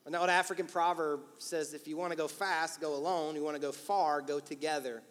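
A male pastor preaching an energetic, emphatic, encouraging sermon in church. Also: a little high, brisk. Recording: long church-hall reverb.

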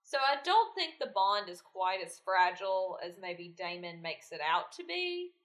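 A woman's voice: medium pitch, big pitch swings, normal speed, a bit bright. A woman co-hosting a podcast, chatting casually and giving opinions on a TV show. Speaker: podcast co-host. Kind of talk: casual chat about a TV show.

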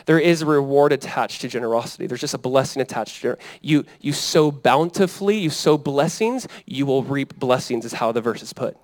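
A man in his thirties preaching a sermon as pastor, in a conversational, animated way that often checks in with the congregation. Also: medium pitch, a little fast, no room sound, rough recording. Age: 30s. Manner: conversational, animated preaching with frequent "right?" and "Amen?".

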